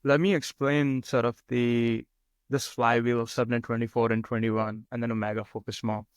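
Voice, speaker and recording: A man's voice: medium pitch, flat delivery, normal speed, clear, resonant tone, dry recording. A man, a startup co-founder, talking casually and explaining his product in practical terms on a podcast.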